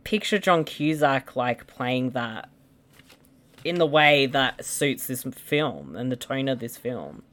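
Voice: medium pitch, lively intonation, slow, fairly bright tone. A co-host in a casual movie commentary chat, teasing the other host and laughing often. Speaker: podcast co-host.

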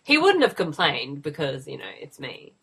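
Woman, Australian accent, lowish voice, cheeky bawdy humor, casual podcast chat. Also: huge pitch swings, moderate pace, gravelly, fairly bright tone, breathy edge. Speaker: podcast co-host.

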